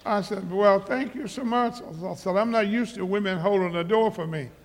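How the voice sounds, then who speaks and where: A man's voice: high-pitched, normal speed. Male pastor, repetitive and emphatic sermon delivery, live church auditorium with long reverb. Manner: emphatic, repeats himself, rises to loud exhortation.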